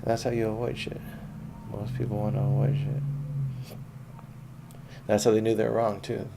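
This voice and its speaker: Young guy, gravelly dark voice, laid-back profane storyteller, faint noise in the background. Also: lowish voice, expressive, fairly quick. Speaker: autobiographical podcaster. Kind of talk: rambling personal storytelling.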